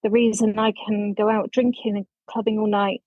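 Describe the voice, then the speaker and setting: A woman's voice: mid-range voice, flat delivery, moderate pace, no echo, narrow, tinny audio. A woman in her fifties from England introducing herself on a podcast in a bubbly, self-deprecating way. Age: 50s. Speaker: community member.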